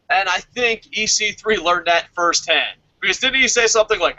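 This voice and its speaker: A man co-hosting a wrestling podcast, talking excitedly in casual chat, swearing constantly and laughing often. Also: sits high, moderate pace, highs cut off. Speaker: podcast co-host reviewing a wrestling show. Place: lives in Japan.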